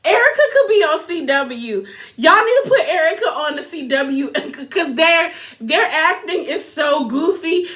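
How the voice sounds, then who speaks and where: A woman hosting a casual reality TV recap vlog, animated and laughing often as she mimics people. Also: sits high, measured pace.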